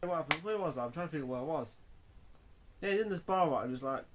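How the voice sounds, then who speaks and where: Rambling man with a higher voice. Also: expressive, quick pace, a bit bright. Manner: rambling, heavy on fillers and restarts. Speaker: film reviewer. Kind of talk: casual spoken film review.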